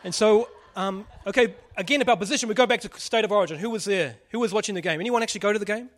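A man's voice: sits high, very fast. Chatty man preaching. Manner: chatty, jokey, asks the audience questions. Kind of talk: casual sermon.

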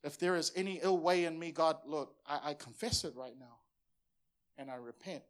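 A man's voice: a little high, normal speed. A man in his forties from Samoa, a pastor preaching a sermon in an earnest, passionate way and often repeating words as he presses a point.

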